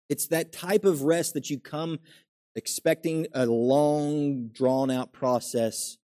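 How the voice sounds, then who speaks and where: With a voice that's a little high and a little mellow, a middle-aged pastor gives a conversational sermon. He asks the congregation questions and acts out quotes from everyday life.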